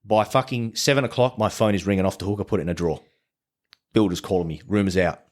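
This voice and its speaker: A man with a fairly low voice talks as a podcast guest in loose, casual storytelling. He is blunt and swears freely. He often breaks off and restarts his sentences as he goes over the details. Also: fast, a little mellow.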